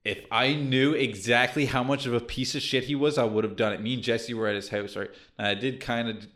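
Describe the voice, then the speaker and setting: A man's voice: medium pitch, steady tone, a little fast, a bit bright. A young man chatting casually on a podcast, rambling through a crude story with restarts and laughter. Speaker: podcast co-host telling a story. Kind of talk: casual chat.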